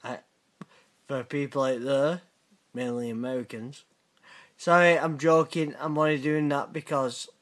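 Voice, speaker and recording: A middle-aged British man hosting a casual reaction video, blunt and sweary with teasing banter. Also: mid-range voice. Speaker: channel host reacting to viewer messages.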